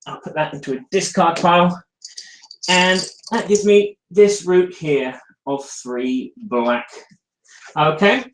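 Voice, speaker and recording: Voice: medium pitch, echoey room, slight background noise. A speaker, hosting a casual live board game review and joking with viewers while demonstrating. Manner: chatty and jokey, talking to viewers while demonstrating.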